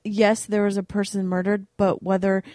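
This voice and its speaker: A woman's voice: medium pitch, little pitch movement, moderate pace, mellow, no echo, studio quality. A woman co-hosting a podcast, talking in an earnest, rambling, hesitant way in casual chat. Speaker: podcast co-host.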